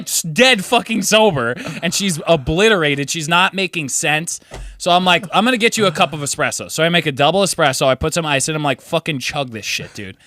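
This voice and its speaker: Animated, bright-voiced swearing storyteller man. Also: on the high side, brisk. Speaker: podcast co-host. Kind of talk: casual storytelling chat. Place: New York City apartment.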